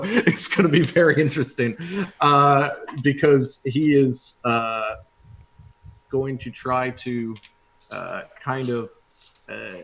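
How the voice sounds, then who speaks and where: Brief: male player, hesitant and halting, thinking aloud at the table. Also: medium pitch, fairly bright tone, slight background noise. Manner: hesitant, many fillers and restarts, chuckling. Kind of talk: casual tabletop role-play talk.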